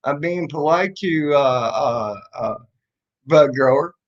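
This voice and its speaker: Guy on a livestream, high-ish voice, slow and rambly, taunting sarcastic tone, kinda muffled audio. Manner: mocking, sarcastic, rambling with restarts. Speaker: livestream host. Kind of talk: casual livestream talk. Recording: dull lo-fi stream audio.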